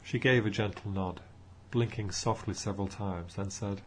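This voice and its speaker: A man narrating an audiobook in a measured storytelling manner. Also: lowish voice, steady tone, slight background noise.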